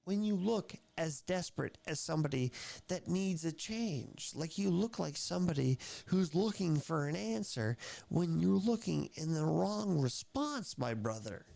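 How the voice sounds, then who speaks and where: A man's voice: a little high, lively intonation, a little slow, creaky, mellow. A man streaming his reactions to videos, talking in an emotional, rambling way with lots of swearing. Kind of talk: casual reaction livestream.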